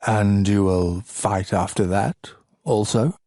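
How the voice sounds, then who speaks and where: A man's voice: on the low side, slow pace, mellow, no room sound, clean studio sound. A man narrating an audiobook, voicing a proud middle-aged king who speaks in a formal, stiff, subdued way. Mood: stiffly formal.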